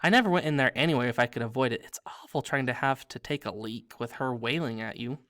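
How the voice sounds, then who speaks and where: A man voicing a clever teenage schoolgirl who talks anxiously and with a forced, bright tone. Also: mid-range voice, quick pace, close to an everyday voice. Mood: explaining.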